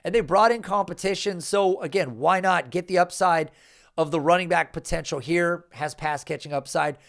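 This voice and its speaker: A man recapping a fantasy football draft in an animated, exasperated rant, swearing often and jumping up in pitch. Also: moderate pace, creaky.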